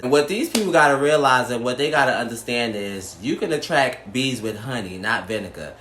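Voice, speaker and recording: A man's voice: mid-range voice, expressive, fairly quick, few pauses, a bit bright. A man vlogging a storytime, sassy and blunt, swearing freely. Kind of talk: storytime vlog. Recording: roomy echo, faint background noise.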